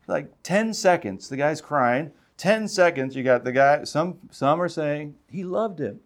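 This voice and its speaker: A man preaching a sermon in a conversational way, asking his listeners rhetorical questions and rising loudly on emphatic points. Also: fairly high pitch, animated, slow pace, hardly any pauses. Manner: conversational, with fillers and restarts. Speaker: pastor.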